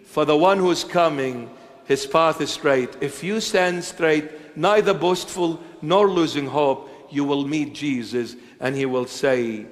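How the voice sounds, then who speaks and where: A man with a high voice delivers a sermon slowly and deliberately. He repeats his phrases for emphasis and moves from hushed, intimate passages to raised exhortation. His voice carries a long reverb from the church around him. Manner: emphatic, repetitive preaching that swings between hushed and raised. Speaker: bishop preaching.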